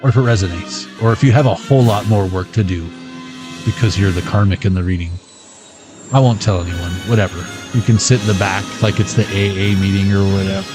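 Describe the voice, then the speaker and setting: A man's voice: on the low side, fairly even intonation, a little fast, music in the background. Sarcastic, swearing man reading cards. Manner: sarcastic, profane, joking. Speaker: intuitive card reader. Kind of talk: casual livestream reading.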